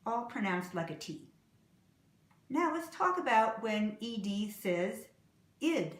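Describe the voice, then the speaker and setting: A woman teaching English pronunciation, saying example words slowly and clearly and repeating them. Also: mid-range voice, expressive, roomy sound. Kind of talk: slow, deliberate pronunciation lesson.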